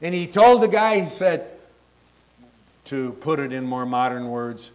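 A man's voice: medium pitch, animated, unhurried, darkish tone. A man preaching a sermon, retelling scripture in everyday words and stumbling over restarts as he thinks aloud.

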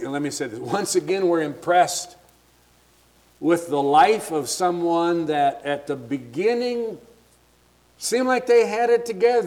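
A man's voice: on the high side, darkish tone. A man preaching a sermon, retelling scripture in everyday words and stumbling over restarts as he thinks aloud.

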